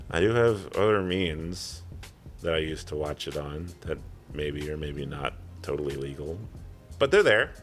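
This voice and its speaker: A man's voice: on the low side, pushed and bright. A man in his thirties co-hosting a podcast, chatting casually and rambling off on tangents with chuckles. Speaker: podcast co-host.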